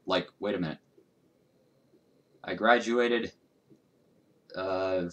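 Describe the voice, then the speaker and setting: A man's voice: low voice, slow pace, long pauses, a bit bright. A young man giving casual, profane, self-mocking commentary while playing a video game. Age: young adult. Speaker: gaming YouTuber. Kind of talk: let's play commentary.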